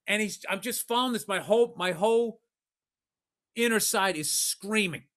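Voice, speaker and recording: Pitched high and a bit bright, this man speaks at a moderate pace. He's a middle-aged Massachusetts native hosting a podcast, spinning a rambling tale full of swearing and jokes at his own expense.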